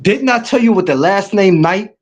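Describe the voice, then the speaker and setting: A New York man with a New York accent and a high, expressive voice chats casually as a guest at a moderate pace. He tells stories in laid-back street slang with repeated asides, and the audio is dull.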